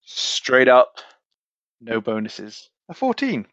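A man playing a tabletop role-playing game who talks in a hesitant, halting way. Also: medium pitch, wildly swooping pitch, a bit bright, dry recording. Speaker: player. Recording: dull, dry, lo-fi mic.

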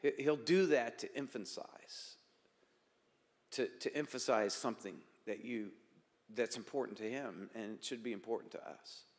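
A man preaching a sermon as pastor, shifting between emphatic raised lines and quiet asides. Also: medium pitch, moderate pace, long reverb tail.

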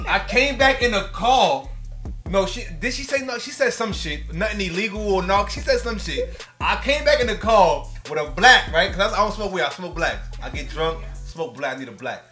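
A man chats on a podcast, spinning a story in a loose, animated way. His pitch swings widely as he talks, and faint music plays underneath. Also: normal speed. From New York. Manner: animated storyteller, laughs between lines. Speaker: guest rapper. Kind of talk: casual podcast chat.

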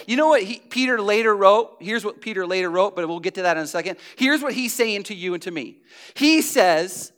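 A man preaching a sermon as pastor, telling stories in an animated, conversational way. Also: high-pitched, a little fast.

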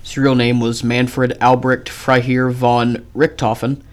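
A man co-hosting a casual radio show, reading looked-up facts aloud in a steady way. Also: medium pitch, a little slow.

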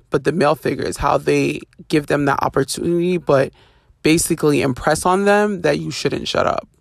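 A woman hosting a podcast, telling casual stories in an animated, expressive way, acting out quoted voices and laughing often. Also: low voice, gravelly, dry recording, studio quality. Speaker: podcast host. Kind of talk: casual storytelling monologue.

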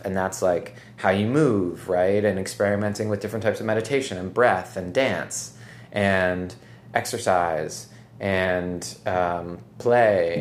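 A low-pitched man hosting a relaxed podcast conversation. He wanders through his thoughts with lots of "like" and "right?", and faint noise hums under the recording. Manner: rambling, reflective, heavy use of "like" and "right?". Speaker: podcast host.

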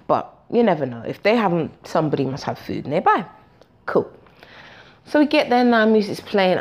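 A woman's voice: lowish voice, moderate pace. A woman in her forties hosting a podcast, telling a story casually, swearing freely and acting out the dialogue. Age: 40s. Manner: animated, profane, acts out dialogue. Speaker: podcast host.

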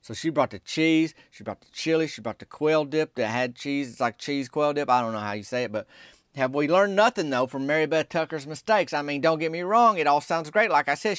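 A man, telling a folksy comic story in a drawling, deadpan small-town voice. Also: fairly high pitch, a little fast, dry recording, clean studio sound. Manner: drawling Southern-style rural dialect, deadpan storytelling. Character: small-town softball player telling his tale.

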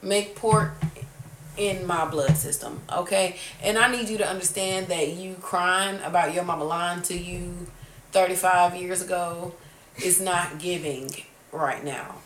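A woman's voice: fairly low pitch, steady tone, a little slow. A woman in her twenties hosting a casual podcast chat, telling a story animatedly with lots of swearing and acted-out outbursts. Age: 20s. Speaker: podcast host. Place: room at a kitchen table. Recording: roomy sound, from far off the mic, faint noise.

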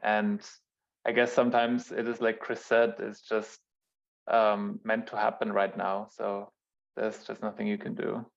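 A man with a gravelly voice and little pitch movement comments and then reads in a plain, measured way. His audio sounds dull and lo-fi. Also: flat delivery. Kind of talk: group discussion and reading aloud.

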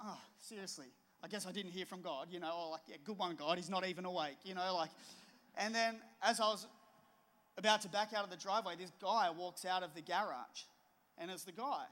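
Middle-aged male pastor, lively storyteller, high and bright. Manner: storytelling, animated and conversational. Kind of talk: sermon with personal story.

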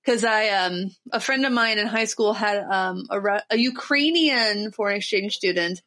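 A woman's voice: mid-range voice, moderate pace, pushed and bright. A woman from Ohio hosting a podcast, chatting and joking with a casual, swearing manner. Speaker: podcast host. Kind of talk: casual chat.

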